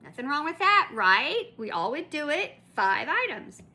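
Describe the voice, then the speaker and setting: This woman, a collector vlogger, recounts a shopping trip in a high, sing-song, sharp voice at a measured pace. It's a casual, indignant rant, packed with tangents and fresh starts.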